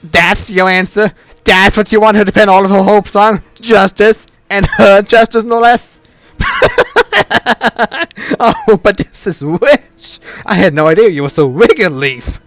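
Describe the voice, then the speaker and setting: A man voicing a cruel male villain commander who mocks in a theatrical, drawn-out way. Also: fairly high pitch, expressive, no echo, faint music behind, natural voice. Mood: gloating. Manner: mocking, theatrical, drawn-out sneers.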